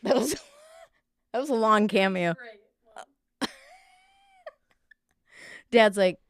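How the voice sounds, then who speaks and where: A woman co-hosting a podcast in casual chat, lively and teasing, often laughing. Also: medium pitch, extremely slow, clear, resonant tone, dry recording, clean studio sound. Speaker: podcast co-host.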